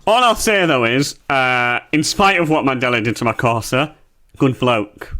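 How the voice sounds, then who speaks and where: A man, co-hosting a comedy podcast and telling an absurd, sweary story deadpan. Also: medium pitch, moderate pace. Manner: deadpan, sweary, spinning an absurd tall tale. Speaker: podcast co-host. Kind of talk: comic storytelling.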